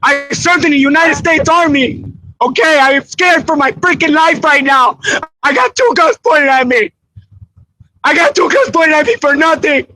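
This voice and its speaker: A man's voice: very high voice, expressive, normal speed, pushed and bright, no room sound, low-quality recording. A man in a roadside standoff, frightened and crying, pleading over and over that he is no threat. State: crying, shaken. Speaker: citizen filming a police stop. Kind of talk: pleading confrontation on camera. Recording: played video clip.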